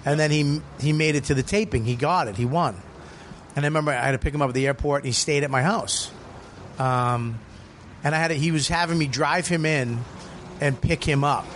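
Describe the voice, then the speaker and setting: A man, a comedian hosting a podcast, telling a story in casual, profane, animated chat from a cigar lounge. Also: on the high side, fairly quick, slight background noise. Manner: profane, animated, acts out quoted people. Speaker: podcast host.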